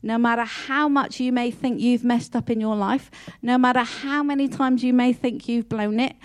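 A woman's voice: fairly high pitch, fairly even intonation, moderate pace, hardly any pauses, clean tone. A woman speaks in an earnest, heartfelt devotional talk. She sounds openly emotional and often repeats or restarts words mid-phrase. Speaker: Christian speaker.

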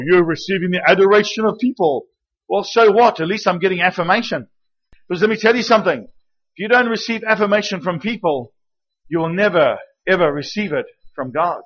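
A man preaching as a guest speaker, telling lively stories with acted-out quotes and sometimes dropping to a hushed, intimate tone. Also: sits high. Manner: animated storytelling with acted quotes. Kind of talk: sermon. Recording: dull lo-fi recording.

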